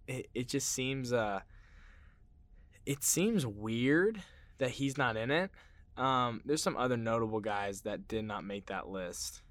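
A young sports podcast host with a medium-pitched voice talks slowly but animatedly in a casual style. He meanders through his opinions with plenty of fillers and restarts, growing heated and loud during rants. No room sound is audible.

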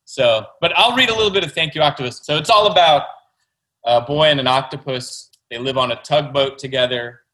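A man's voice: medium pitch, a little fast, pushed and bright, rough recording. A man, a children's book author, chatting enthusiastically as an interview guest. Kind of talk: casual interview talk.

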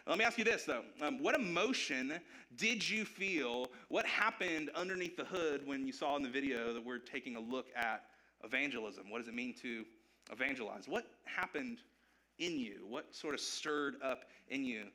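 A man's voice: medium pitch, moderate pace. A man preaching a casual, joking sermon as pastor of his church. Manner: animated, joking, conversational.

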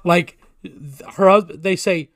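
A man telling a long story in casual, profane chat, poking fun at himself and getting more animated as it goes. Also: sits high, a little slow, no room sound, clean studio sound.

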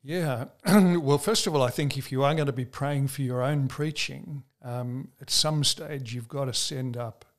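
An earnest man from Australia tells stories and makes his points at a measured pace. He leans on his key words and slows down to stress them. His voice sits at an ordinary middle pitch. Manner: measured, earnest storytelling with slow emphatic stresses. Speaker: preacher. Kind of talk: interview answers.

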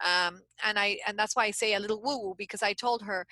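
A woman's voice: mid-range voice, fast, hardly any pauses, no echo, low-quality recording. A middle-aged woman coach telling a story in a casual interview, talking in bursts with frequent restarts. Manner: animated storyteller, many restarts. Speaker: guest coach.

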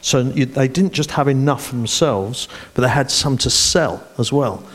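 A man's voice: medium pitch, normal speed. A man, a church leadership director, speaking animatedly and playfully in an onstage interview in front of a congregation.

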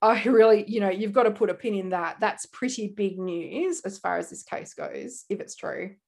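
Animated Australian woman co-host, chatty storyteller, laughs easily. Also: medium pitch, moderate pace, vocal fry. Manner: animated storyteller, laughs often, slips into quoted voices. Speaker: podcast co-host. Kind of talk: casual true-crime podcast chat.

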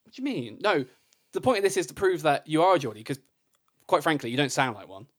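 A man's voice: a little high, very animated, fast talker. A man co-hosting a casual podcast chat, teasing his friend and swearing freely. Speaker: podcast co-host.

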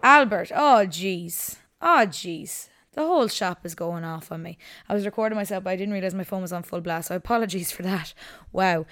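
A woman, hosting a casual solo podcast from her couch at home, chatty and animated. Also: on the low side, moderate pace. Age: 20s. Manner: chatty and animated, breaks off to scold her dog. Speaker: podcast host. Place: living room at home, on the couch.

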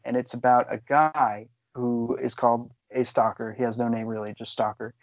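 An excitable man rambles through casual movie talk as a podcast co-host and swears freely. The audio is slightly dull and lo-fi. The room is dry, with the mic close to him. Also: medium pitch, normal speed, hardly any pauses, dry recording. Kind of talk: casual chat.

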